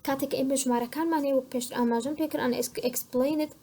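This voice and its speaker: Fast, high Kurdish-accented woman teacher. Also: fairly even intonation, mellow. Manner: explains rules repeatedly, switching between English and Kurdish. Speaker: university English teacher. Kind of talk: bilingual classroom lesson.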